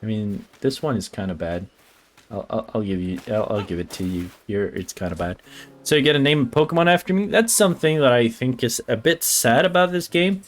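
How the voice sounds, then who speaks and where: A man streaming a game, excitable and casual, swearing, stammering and humming to himself. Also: medium pitch, fairly quick. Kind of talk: casual let's-play commentary. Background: faint game music.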